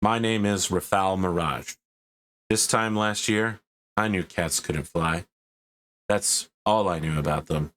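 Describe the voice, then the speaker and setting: Guy doing a grim recruiting officer ad, low and solemn, sounds like propaganda. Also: takes it slowly, fairly bright tone. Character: grim male recruitment officer, space cat rider. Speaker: in-game recruitment ad.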